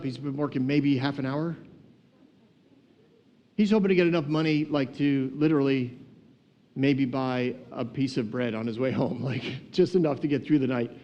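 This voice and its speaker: A man teaching on a casual podcast, retelling a story in a lively, humorous, conversational way. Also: mid-range voice, normal speed, pauses often, lo-fi sound.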